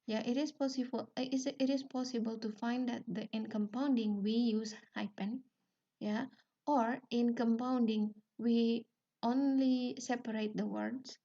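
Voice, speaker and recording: A woman's voice: on the high side, mellow. A woman with an Indonesian accent lecturing on linguistics. She repeats key terms and checks in with frequent "yeah" and "okay.". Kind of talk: recorded lecture. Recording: distant, dull lo-fi sound.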